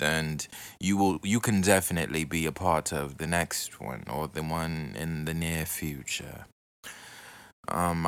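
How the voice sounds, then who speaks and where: A man hosting his own podcast, ranting unfiltered and profane, swinging between loud outbursts and quiet asides. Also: deep voice, clear, resonant tone, dry recording. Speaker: podcast host. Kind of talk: unfiltered solo rant.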